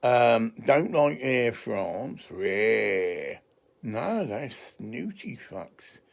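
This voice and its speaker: Slow, gravelly English man rambling. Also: medium pitch, sing-song. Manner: chatty, digressive, swears freely. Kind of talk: casual rambling monologue.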